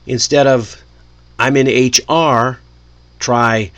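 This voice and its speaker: Slow-paced male English teacher. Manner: slow, friendly, coaching tone with lively pitch jumps. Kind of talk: relaxed spoken English lesson.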